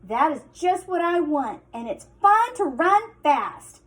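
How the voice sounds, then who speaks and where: A woman voicing a boastful young male armadillo in a storybook reading, with a squeaky, exclaiming manner. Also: very animated, takes it slowly, heavily acted. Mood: excited.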